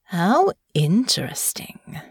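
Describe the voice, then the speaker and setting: A woman's voice: on the low side, huge pitch swings, takes it slowly, husky, no echo, studio quality, heavily acted. A woman voicing a cool, clinical noblewoman, unruffled. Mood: detached. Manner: cool, detached, matter-of-fact. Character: cold, calculating young noblewoman.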